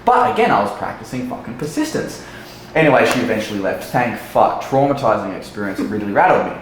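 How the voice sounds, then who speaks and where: A man's voice: fairly low pitch, very animated, fast. Young aussie guy, dating coach, swears a lot, chatty, echoey room, faint hum behind. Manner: blunt, profane, chatty. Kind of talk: casual storytelling to camera.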